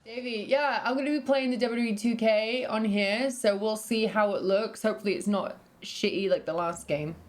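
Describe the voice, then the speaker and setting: A young British woman, her accent softened by years in America, chatting casually on a livestream and reading out her chat. She giggles a lot, swears freely and coos at her dog. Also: medium pitch, normal speed, few pauses. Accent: British, partly American after years in the US. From Britain.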